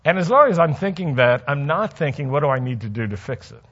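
A man's voice: fairly high pitch, expressive, fast, fairly bright tone, husky, highs cut off. A man preaching a sermon in a conversational way, asking the congregation questions and telling stories from his own life. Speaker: pastor.

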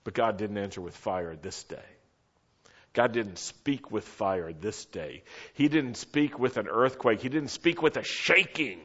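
A man preaching a sermon in a slow, measured way, his voice dropping almost to a whisper on quiet phrases and rising for emphasis. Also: fairly low pitch, husky, muffled recording.

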